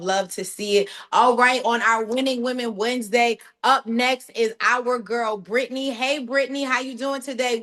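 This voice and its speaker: Woman coach, fairly high voice, energetic encouraging call host. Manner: energetic, encouraging, says "y'all". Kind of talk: hosting a team training call.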